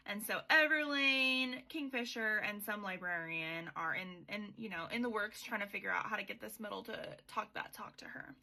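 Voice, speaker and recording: A woman's voice: mid-range voice, normal speed, hardly any pauses, bright, forceful tone, rough recording. A young adult woman hosting a podcast, recapping a book in a chatty, irreverent, profane way. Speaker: podcast host.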